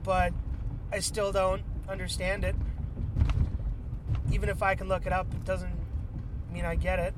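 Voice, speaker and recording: A man's voice: sits high, completely flat delivery, unhurried, pauses often, noisy background. A man hosting a podcast, rambling and swearing in a self-deprecating monologue while driving his car. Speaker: podcast host.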